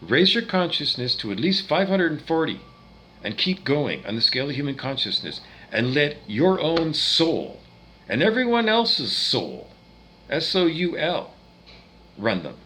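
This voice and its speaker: A man from Canada ranting angrily, swearing often and swinging between loud outbursts and quieter muttering. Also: on the high side, big pitch swings, measured pace, rough recording. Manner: profane, agitated ranting with swings in loudness. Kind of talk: angry rant monologue.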